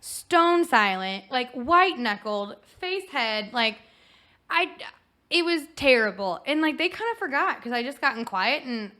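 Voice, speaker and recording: A woman's voice: sits high, measured pace. A young woman, a podcast guest, telling a story in casual chat, acting out what people said and filling her talk with "like". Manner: animated, acts out quotes, many "like" fillers.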